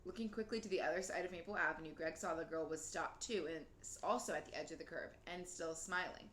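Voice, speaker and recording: A woman reading a children's novel aloud in a steady, gently expressive way. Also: low-pitched, fast talker. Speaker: reader. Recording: roomy with faint noise.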